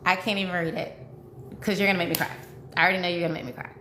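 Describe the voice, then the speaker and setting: A woman's voice: lowish voice, steady tone, racing, pushed and bright. Emotional woman dating coach, echoey room. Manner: emotional, repetitive, pleading. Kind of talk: livestream chat with viewers. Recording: echoey room with faint noise.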